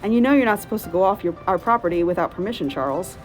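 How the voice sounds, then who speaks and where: A woman voicing a calm, practical mother in a storybook read-aloud, speaking lightly and briskly. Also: lowish voice, soft background music, close to an everyday voice.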